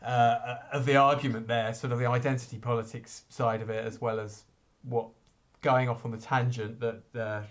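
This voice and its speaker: A man's voice: mid-range voice, flat delivery, moderate pace. A man hosting a chat show, talking casually and hesitantly with many fillers.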